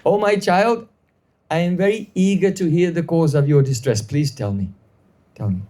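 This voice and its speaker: A man's voice: on the high side, normal speed, dark tone, close to an everyday voice. A man voicing a motherly elderly noblewoman in a devotional story, speaking tenderly and coaxingly.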